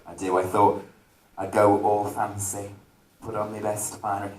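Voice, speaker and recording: Camp drag entertainer on stage. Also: male voice, on the low side, monotone, normal speed, slight background noise. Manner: camp, self-mocking, jokey. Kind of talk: cabaret stage banter. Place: holiday park entertainment venue, on stage. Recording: echoey venue recorded from far off.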